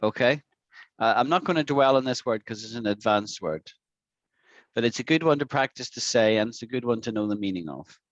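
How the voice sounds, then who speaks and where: A man teaching an online English lesson, patiently repeating words slowly for his students to practice. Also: medium pitch, no echo, highs cut off. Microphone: video call.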